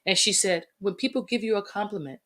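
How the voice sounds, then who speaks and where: A middle-aged woman, a podcast guest, telling lively family stories in a casual chat and laughing through the funny parts. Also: medium pitch, quick pace.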